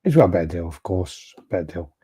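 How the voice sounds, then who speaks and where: A man's voice: low voice, sing-song, normal speed, mellow, slightly rough, no echo. A British man co-hosting a podcast, casually telling stories and reading out live chat messages. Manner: rambling storyteller, acts out quotes. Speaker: podcast co-host.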